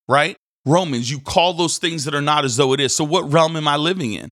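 A man, a minister hosting a faith podcast, who talks casually and rambles through animated stories. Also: a little high, a little fast, hardly any pauses, no room sound, clean studio sound.

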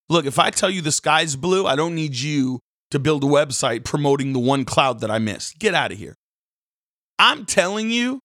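A man, a pastor hosting a daily devotional, preaching casually with sudden jumps into loud mocking voices. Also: medium pitch, no room sound, clean studio sound. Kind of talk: energetic devotional sermon.

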